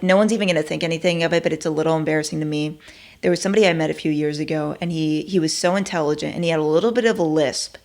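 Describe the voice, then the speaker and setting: A woman from Texas hosting a show, talking in a chatty, self-deprecating way full of fillers. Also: deep voice. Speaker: show host. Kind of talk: casual commentary.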